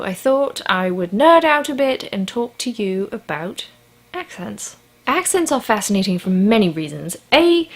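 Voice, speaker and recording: An American woman vlogging casually, talking in a put-on posh British accent. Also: mid-range voice. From United States. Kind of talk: casual educational vlog. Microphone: USB microphone.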